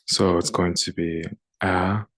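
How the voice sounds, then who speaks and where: Slow, low-voiced man teaching phonics. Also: level tone, a bit bright, dry recording. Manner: slow and deliberate, sounding out words. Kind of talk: phonics lesson.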